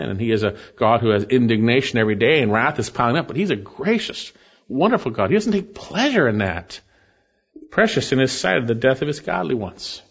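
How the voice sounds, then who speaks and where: Earnest male preacher, slightly muffled recording. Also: mid-range voice. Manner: earnest, emphatic, rising and falling with scripture readings. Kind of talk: sermon.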